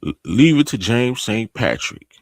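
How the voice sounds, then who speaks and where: A man giving a casual, slang-heavy TV episode recap, telling the story in an animated way. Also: medium pitch, unhurried, gravelly, no room sound. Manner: animated storytelling, acting out characters, laughing. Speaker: TV recap host.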